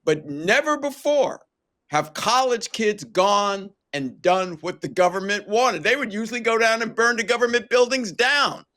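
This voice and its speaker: A man's voice: high-pitched, normal speed, few pauses, pushed and bright. A man hosting a political interview show, speaking emphatically with rhetorical questions. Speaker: host.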